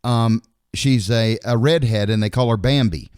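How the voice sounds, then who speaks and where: A man's voice: medium pitch, normal speed, darkish tone, clear, resonant tone, dry recording, clean studio sound. A middle-aged man, co-hosting a podcast in casual chat, rambling and bluntly swearing. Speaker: podcast co-host.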